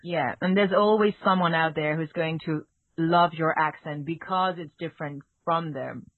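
A woman's voice: sits low, dry recording. French-accented woman chatting, lots of restarts, tinny dry phone-ish sound. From France. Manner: halting, many restarts and fillers. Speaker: podcast co-host. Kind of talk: casual chat.

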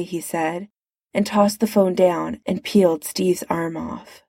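A woman reads a story aloud in a slow, even manner. Her voice is low, mellow and gravelly. The recording is close and dry. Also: no room sound. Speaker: narrator. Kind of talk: reading fan fiction aloud.

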